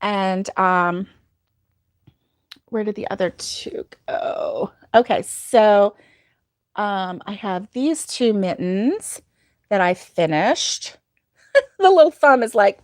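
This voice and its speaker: A woman's voice: medium pitch, lively intonation, takes it slowly, pauses often, dry recording, studio quality. A woman hosting a crochet livestream, chatting casually with viewers, rambling and laughing often. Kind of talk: casual chat reading viewer comments.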